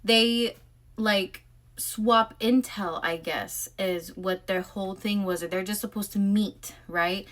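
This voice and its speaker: A woman's voice: mid-range voice, steady tone, slow pace, a bit bright. A woman casually recapping a novel's chapters, chatty and full of filler words. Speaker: book recap vlogger.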